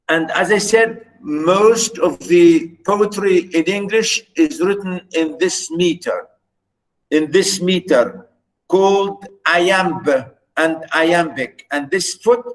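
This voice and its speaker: Slow, high-voiced male lecturer. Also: low-quality recording. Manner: halting, repeats words, counts out syllable stresses. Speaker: university lecturer. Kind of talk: online poetry lecture.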